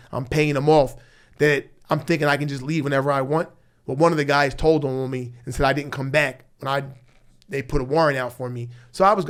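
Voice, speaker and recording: A man in his fifties with a Philadelphia accent, telling his story as a podcast guest in blunt, profane street talk, acting out past conversations. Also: fairly high pitch. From South Philadelphia. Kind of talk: storytelling interview. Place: podcast studio.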